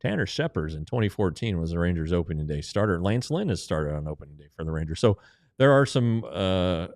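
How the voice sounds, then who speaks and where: A man's voice: low-pitched, animated, fairly quick, darkish tone, no room sound, clean studio sound. A man co-hosting a sports podcast, talking casually with fillers and restarts. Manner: conversational, rambling with fillers.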